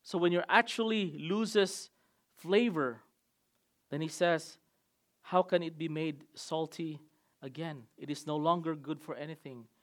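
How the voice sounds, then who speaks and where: A man with a high voice preaching a sermon from the pulpit. He stresses key words with loud emphatic bursts, then drops low and soft. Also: unhurried. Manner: emphatic preaching with sudden swings in loudness. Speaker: pastor.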